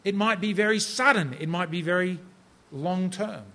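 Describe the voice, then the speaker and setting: A man's voice: sits high, normal speed, sharp tone. A middle-aged man from Australia preaching a sermon in a conversational, self-deprecating storytelling manner.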